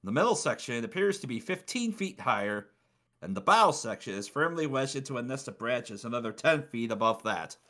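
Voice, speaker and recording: Lively, bright-voiced man game master. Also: medium pitch, brisk. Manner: relaxed, with fillers and restarts, reads boxed text. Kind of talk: narrating a tabletop game.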